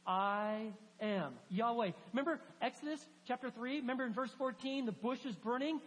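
A woman preaching a sermon, telling a Bible story with animated emphasis and reading scripture aloud. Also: high voice, quick pace. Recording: hall reverb with faint hum.

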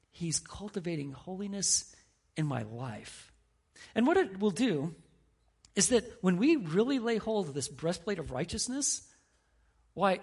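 Preaching from the pulpit, this middle-aged pastor has a high, slightly rough voice. His sermon is built on stories, with lively voices put on for the characters he quotes.

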